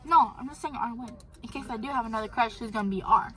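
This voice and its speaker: High bright teenage girl chatting. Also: fast. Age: teens. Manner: chatty, gossipy storytelling. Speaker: vlogger. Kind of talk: casual chat.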